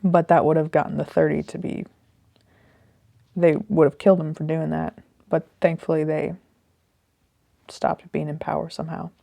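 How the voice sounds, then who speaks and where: Reflecting on her current book, this host muses casually, wandering from thought to thought out loud. She speaks low and flat at a moderate pace, with a creaky, dark voice and frequent pauses. There's no echo in the recording.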